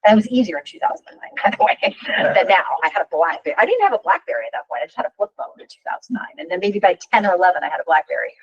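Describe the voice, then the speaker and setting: A woman's voice: mid-range voice, very fast, hardly any pauses, slightly rough, lo-fi sound. A woman in her fifties coaching a workshop, talking frankly and chattily and often tossing in a rhetorical "right?". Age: 50s. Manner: frank and animated. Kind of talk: workshop talk.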